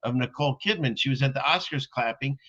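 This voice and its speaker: A man's voice: medium pitch, fast talker, pushed and bright. A man hosting a casual chat show, loose and conversational, laughing often. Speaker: host. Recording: dull lo-fi audio.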